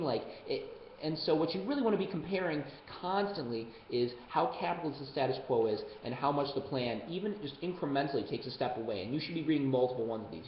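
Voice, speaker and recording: Young guy teaching debate on a webcam, jokey and casual, echoey dull audio. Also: on the high side. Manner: casual, joking, quick asides. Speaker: debate coach. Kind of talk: webcam lesson. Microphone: webcam mic. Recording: roomy, dull webcam audio, faint hiss.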